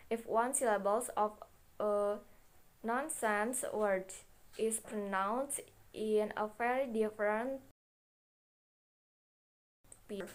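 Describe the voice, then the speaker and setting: A young woman, a native Indonesian speaker, reading a class presentation carefully, with restarts and self-corrections. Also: mid-range voice. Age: young adult. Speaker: student presenter.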